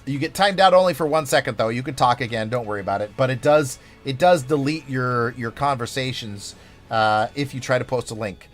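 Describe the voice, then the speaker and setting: A man's voice: mid-range voice, fairly quick, faint music behind. A man streaming a game, chatting casually in a rambling, playful, over-the-top way full of fillers. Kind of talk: casual live-stream chat.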